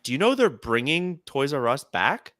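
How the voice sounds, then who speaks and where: Lively, bright-voiced man telling comic stories. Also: medium pitch, moderate pace, no room sound, studio quality. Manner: animated storyteller, acts out quotes. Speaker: podcast co-host. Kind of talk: casual comedic chat.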